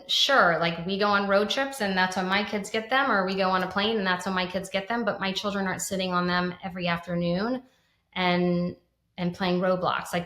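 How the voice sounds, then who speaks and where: A woman's voice: fairly low pitch, sharp tone. A woman in her thirties co-hosting a conversational podcast, talking earnestly with frequent restarts and fillers like "like". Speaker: podcast co-host. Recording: roomy echo.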